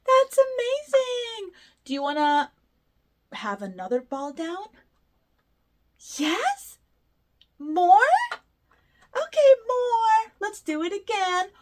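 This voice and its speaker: Very high-voiced, sing-song children's host. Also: female voice. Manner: slow, exaggerated, sing-song encouragement. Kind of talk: teaching toddlers through play.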